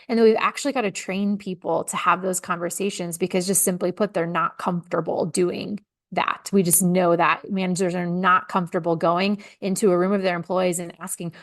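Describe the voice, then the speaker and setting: A woman's voice: fairly low pitch, flat delivery, fairly quick. Earnest woman consultant on a podcast. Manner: earnest, a little sarcastic. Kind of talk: casual podcast discussion. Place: shared office.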